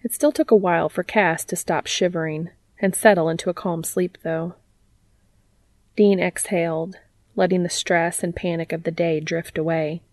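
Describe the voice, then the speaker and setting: A woman with a fairly low voice reads a story aloud in an even, measured way. She sounds intimate and close, and the recording is dry with no room sound. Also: dry recording. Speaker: narrator. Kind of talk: reading fan fiction aloud.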